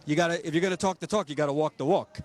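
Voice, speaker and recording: A man reporting outdoors at a protest, speaking in an impassioned, rapid-fire rant full of rhetorical questions. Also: on the high side. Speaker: political reporter. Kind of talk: street commentary at a protest.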